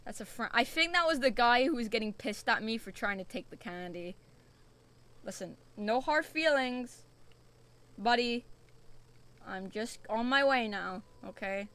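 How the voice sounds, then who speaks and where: A woman's voice: a little high, expressive, unhurried, fairly bright tone. A young woman from the UK streaming a spooky VR game, chatty and jumpy, swearing often as she reacts. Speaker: VTuber streamer.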